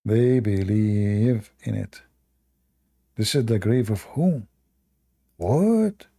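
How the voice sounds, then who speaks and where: Gravelly, mocking male streamer. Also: fairly low pitch, expressive, drawn-out words, mellow. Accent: non-native English. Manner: mocking, sarcastic asides. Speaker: live debate streamer. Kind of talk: casual livestream talk.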